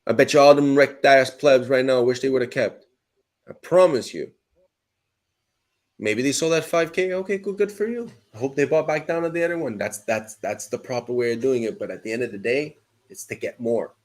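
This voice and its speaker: A man's voice: mid-range voice, normal speed. A man from Montreal co-hosting a crypto podcast, arguing emphatically and swearing often. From Montreal, Canada. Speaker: crypto show co-host. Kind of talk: heated podcast argument.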